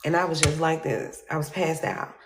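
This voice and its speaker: A woman telling a personal story to her viewers in a casual, animated way, acting out the voices of the people in it. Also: deep voice, normal speed, background noise. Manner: animated, acts out quoted voices, addresses viewers as y'all.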